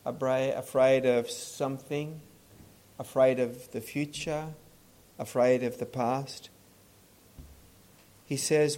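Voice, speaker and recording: A man preaching a sermon in an earnest voice, often restarting his words and dropping to a hushed tone. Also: mid-range voice, takes it slowly. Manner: earnest, stumbling restarts, pleading then hushed. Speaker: pastor.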